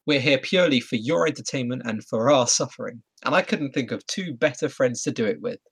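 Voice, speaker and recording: A man's voice: mid-range voice, lively intonation, brisk, creaky, husky. A young man hosting a casual podcast chat with friends, laughing often as he talks. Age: young adult. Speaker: podcast host.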